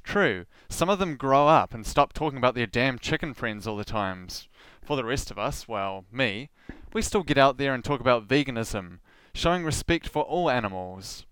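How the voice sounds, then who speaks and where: A man's voice: mid-range voice, lively intonation, normal speed, a bit bright, smooth, no echo. A man hosting his own podcast, reading a scripted narration in an earnest tone with dry, wry asides. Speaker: podcast host.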